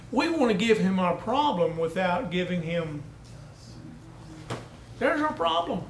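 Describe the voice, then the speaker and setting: Male pastor, folksy sermon storytelling, fairly high voice, roomy church sound, faint hum behind. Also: big pitch swings, normal speed. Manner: folksy storytelling preacher, rising to emphatic peaks.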